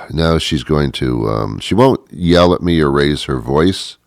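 A middle-aged man with an extremely deep, low voice talks through a comic monologue in a deadpan, rambling, self-mocking way. The recording is close and dry, with no room sound at all. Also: slow, no room sound.

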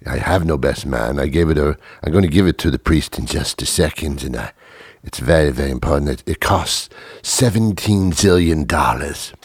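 A man's voice: moderate pace, slightly rough, dry recording, clean studio sound. A man voicing a fussy, nervous young prince on his wedding day, hesitant and stammering. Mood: fretful. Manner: hesitant and stammering, turning shrill and panicky.

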